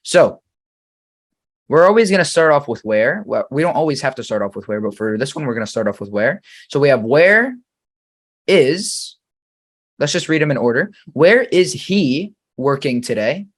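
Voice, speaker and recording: Patient male English teacher, slow examples. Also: mid-range voice, lively intonation. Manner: slow, deliberate reading of example sentences; patient, quizzing the viewer. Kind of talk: grammar lesson.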